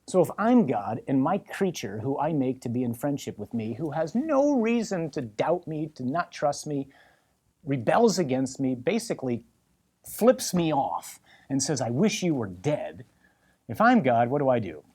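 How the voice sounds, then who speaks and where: A male priest delivers a sermon in a husky voice of ordinary pitch. He drives points home by repeating phrases in lists, then drops softer and closer when voicing an inviting call.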